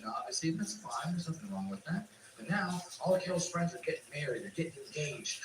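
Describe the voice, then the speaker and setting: A high-voiced man rants through a stand-up set, voice bouncing around an echoey club. He sounds set back from the mic, with clear room noise underneath. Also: lively intonation, a little fast, few pauses, recorded from a distance, a crowd in the background. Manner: loud, ranting, shifts to shouting for punchlines. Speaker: stand-up comedian. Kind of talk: stand-up comedy routine. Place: comedy club stage.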